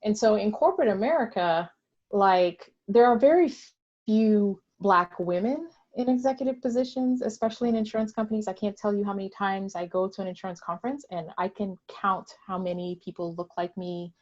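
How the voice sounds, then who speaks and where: Measured woman on a dull video call. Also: mid-range voice, darkish tone. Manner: deliberate, reflective, occasional laughs. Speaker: panelist. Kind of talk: candid discussion.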